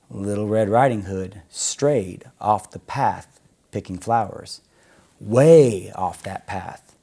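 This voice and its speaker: A man reading a children's story aloud in a gentle, expressive storytelling way. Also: medium pitch.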